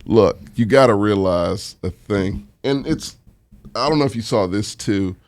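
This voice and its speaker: A man's voice: on the low side, a little slow, darkish tone. A man co-hosting a podcast in casual chat, laid-back and joking. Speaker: podcast co-host.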